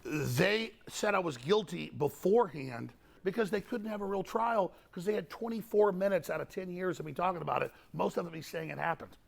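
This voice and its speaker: Gravelly defensive man in an interview. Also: high-pitched, a little fast. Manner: defensive, rambling, repeats himself. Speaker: interview guest. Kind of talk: recorded interview.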